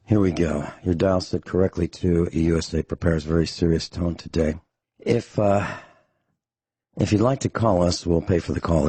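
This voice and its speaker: A hoarse man hosting talk radio, his very low, dark voice worn rough from days of talking. He sounds out of breath, blunt and angry as he delivers his monologue. The recording is close and dry. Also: fairly even intonation, moderate pace, dry recording. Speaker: radio show host.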